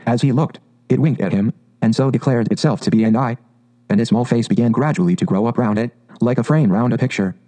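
A man reading a storybook aloud in a calm, measured, expressive way. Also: mid-range voice. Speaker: audiobook narrator. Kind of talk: scripted storybook narration.

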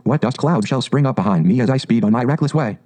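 A man voicing a conceited, car-obsessed male toad who speaks in a dreamy, drawn-out and rapturous way, in a storybook reading. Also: medium pitch, dark tone, lightly acted, rough recording.

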